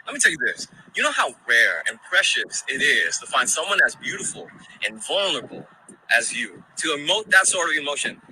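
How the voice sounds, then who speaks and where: A man playing a slangy, smooth-talking flirt. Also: a little high, big pitch swings, a little fast, sharp tone, slight background noise, full character voice, rough recording. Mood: flirty.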